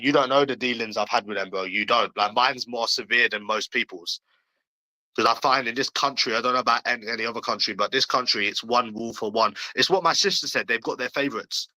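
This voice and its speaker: A man's voice: medium pitch, pushed and bright, no echo, poor audio. A man ranting on a livestream, talking bluntly and profanely and repeating himself, while addressing viewers in chat. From London, England.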